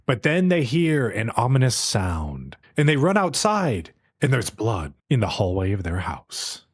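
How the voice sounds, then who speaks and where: A man's voice: on the low side, sing-song, a little slow, breathy edge. A man on a podcast giving a casual, step-by-step recap of an anime episode. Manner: narrates the plot, acting out short character quotes. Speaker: podcast co-host.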